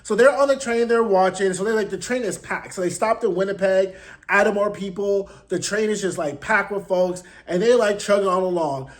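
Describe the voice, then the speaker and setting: A high-voiced man talks straight into a close mic. He recaps TV in a casual, slangy way, with sassy, blunt asides. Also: normal speed. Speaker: host.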